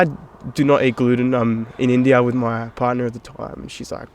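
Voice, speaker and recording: A man's voice: medium pitch, flat delivery, brisk, hardly any pauses, slight background noise. A young adult man, a podcast guest, telling a personal story in casual chat, swearing freely and dropping into whispers for his inner thoughts.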